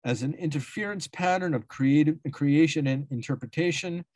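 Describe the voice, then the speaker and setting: A man reads an academic paper aloud at a symposium, his voice sitting a little high for a man. The sound is dry and close, with no room around it. He reads long, dense sentences and often stumbles, breaks off and corrects himself mid-word. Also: normal speed, darkish tone, no room sound. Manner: reads dense prose with frequent self-corrections and restarts. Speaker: academic speaker. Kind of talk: reading a prepared academic paper.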